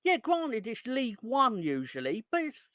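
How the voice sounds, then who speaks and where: A man's voice: extremely high pitch, huge pitch swings, moderate pace, sharp tone, dry recording, clean studio sound. A young man hosting a fan live stream, ranting in an exasperated, sweary way and reading out chat hellos. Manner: exasperated, sweary, rising into angry outbursts. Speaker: fan channel host.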